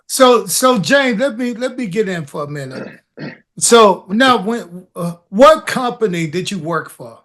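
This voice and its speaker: A man's voice: high-pitched, animated, unhurried, a bit bright. An older man co-hosting a podcast, who asks easygoing follow-up questions and often repeats his words. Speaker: podcast co-host. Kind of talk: casual interview chat.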